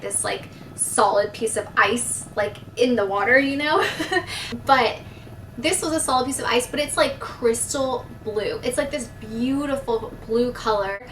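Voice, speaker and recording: Profane, animated young woman in an echoey room. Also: on the high side, far from the mic, slight background noise. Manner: animated, profane and self-dramatizing. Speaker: vlogger. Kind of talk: storytime vlog. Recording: roomy echo, voice set back from the mic.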